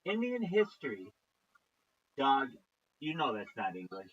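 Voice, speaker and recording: A man streaming as he reacts to videos, swearing constantly and mocking what he watches, with loud outbursts. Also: mid-range voice, wildly swooping pitch, a little slow, slightly rough, muffled recording. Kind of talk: profane reaction rant.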